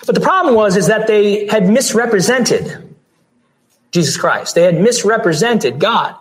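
A pastor delivering a sermon, hoarse with his voice going out, earnest, with restarts and throat clearing. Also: high-pitched, expressive, measured pace, low-quality recording.

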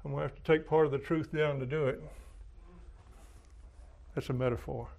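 A man's voice: a little high, steady tone, normal speed, gravelly, a little mellow. Folksy preacher man telling stories. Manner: folksy storytelling, dramatic swings in volume. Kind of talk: sermon with anecdotes.

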